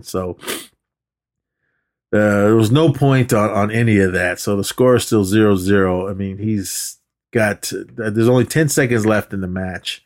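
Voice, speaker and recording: A man co-hosting a movie podcast, retelling scenes in a casual, animated way and acting out the characters' lines with laughs. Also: lowish voice, normal speed. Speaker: podcast co-host.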